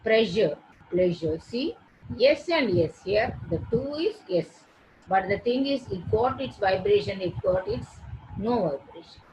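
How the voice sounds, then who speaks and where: A woman gives a recorded pronunciation lesson, sounding out each word slowly and carefully. Her pitch sits in a middle range for a woman. A steady hiss and scattered clicks run under the recording. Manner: slow, deliberate, repeating words and sounds one by one. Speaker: English phonetics teacher.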